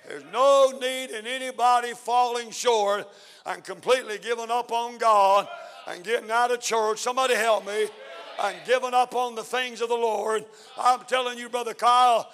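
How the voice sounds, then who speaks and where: A man with a Southern accent preaching a sermon as pastor, swelling into shouted bursts and calling out members of the congregation by name. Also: high-pitched, fairly even intonation, moderate pace, smooth. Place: church sanctuary. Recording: long hall reverb in a church.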